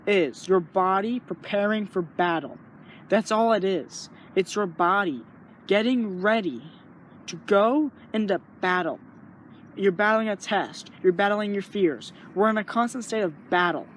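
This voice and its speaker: A man's voice: high-pitched, a little slow, a little hiss or hum. A young man talking earnestly in a rambling, casual way, sharing his thoughts and acting out little inner voices. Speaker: vlogger. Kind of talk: casual spoken reflection.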